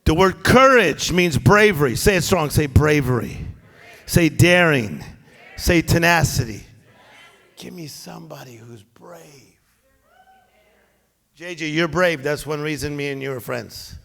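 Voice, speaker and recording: High-pitched fiery preacher man. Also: animated, unhurried, creaky, pauses often. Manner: fiery, shouting preaching with call-and-response. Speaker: pastor. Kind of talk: sermon. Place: church with live band and congregation. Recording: long church reverb, music behind. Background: band music.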